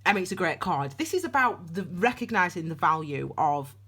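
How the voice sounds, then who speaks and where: A woman's voice: fairly low pitch, big pitch swings, fairly quick, a bit bright, slightly rough. A woman giving a casual, rambling tarot reading, with frequent restarts and asides. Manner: chatty, rambling, with many restarts and voiced asides. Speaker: tarot reader.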